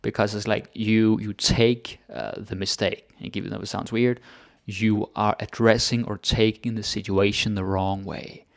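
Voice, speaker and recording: A man teaching grammar in a relaxed, chatty way, thinking aloud with fillers. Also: on the low side, normal speed, vocal fry, no room sound, studio quality. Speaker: Danish language teacher. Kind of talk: casual grammar lesson.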